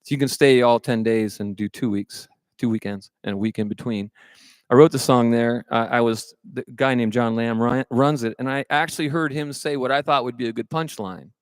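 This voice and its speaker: This man, a singer-songwriter from California, fills the gaps between songs at a live show with stage banter and self-deprecating jokes. He talks at normal speed with a medium-pitched, clear, resonant voice and fairly even intonation, captured studio-quality without room sound.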